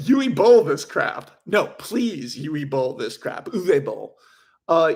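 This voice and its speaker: A young man chatting casually on a livestream, reading viewer questions and rambling in an animated way, with frequent swearing. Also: fairly high pitch. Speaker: streamer.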